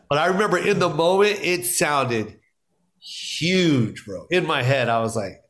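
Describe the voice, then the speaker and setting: A man's voice: fairly high pitch, animated, a little slow, a bit bright. A middle-aged man, a stand-up comedian, telling stories in casual podcast talk, acting out quotes and laughing often.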